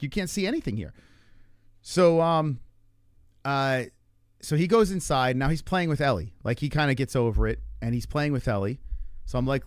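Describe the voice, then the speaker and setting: A man who is a father, telling a family story in a casual, animated way, full of swearing and acted-out quotes. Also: fairly high pitch, no room sound, clean studio sound. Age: adult parent. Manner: animated, profane, acts out quotes. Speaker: livestream host. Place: Arizona.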